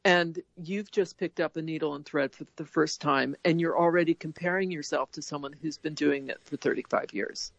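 Animated laughing woman, dull sound. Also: low-pitched, normal speed, vocal fry, few pauses, no echo. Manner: animated, laughs often, acts out inner voices. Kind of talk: casual podcast chat.

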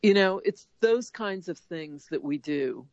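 A woman in casual podcast chat about embroidery, animated and laughing often as she acts out inner voices. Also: on the low side, a little slow, no echo, highs cut off.

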